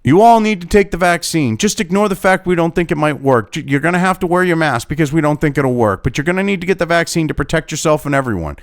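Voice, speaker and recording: A man's voice: fairly high pitch, quick pace, few pauses. A man with a New England accent, hosting his own news commentary and ranting at an article, swearing constantly and sounding exasperated.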